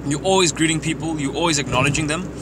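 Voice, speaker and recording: A young man with a voice on the high side talks fast, joking and laughing as he gives loose, foul-mouthed social advice while driving outdoors. The audio is noisy, taken inside the car with street and vehicle sounds around him.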